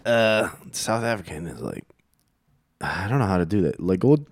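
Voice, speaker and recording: A man's voice: low voice, big pitch swings, moderate pace, no room sound, clean studio sound. A man bantering in improvised comedy, playfully trying out silly accents.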